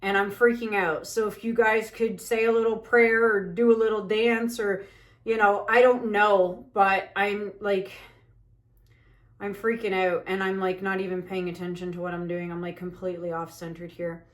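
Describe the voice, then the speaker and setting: A woman's voice: mid-range voice, flat delivery, normal speed. A woman chatting casually while she paints, venting anxiously in a rambling way with many fillers. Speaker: fluid art painter and channel host.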